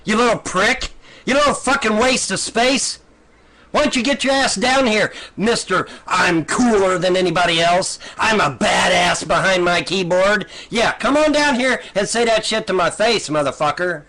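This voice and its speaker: A man's voice: high-pitched, normal speed, bright, forceful tone. A man taunting someone with angry, profane challenges. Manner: taunting, cursing.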